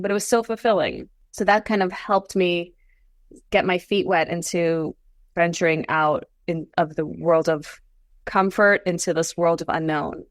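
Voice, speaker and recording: A woman in her forties, a podcast guest, telling her story in a casual interview, animated and climbing into high exclamations. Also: moderate pace, no room sound, studio quality. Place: Los Angeles.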